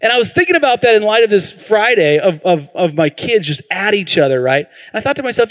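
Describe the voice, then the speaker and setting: Man pastor, sermon, animated storyteller, high voice, long church reverb. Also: quick pace, hardly any pauses. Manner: animated storytelling with acted-out quotes. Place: church hall.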